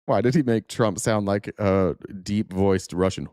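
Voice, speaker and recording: A man's voice: fairly low pitch, unhurried, hardly any pauses, mellow, no room sound, clean studio sound. A young man hosting a political commentary show, speaking sarcastically and swearing often. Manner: sarcastic, profane, laughs often. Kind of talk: casual reaction commentary.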